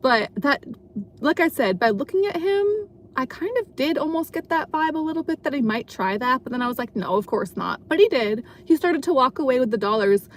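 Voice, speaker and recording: A woman's voice: high-pitched, expressive, a little fast, slight background noise. Chatty woman rambling on a night drive. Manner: rambling, lots of fillers and self-corrections. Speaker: live streamer. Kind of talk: casual storytelling chat. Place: car at night while driving.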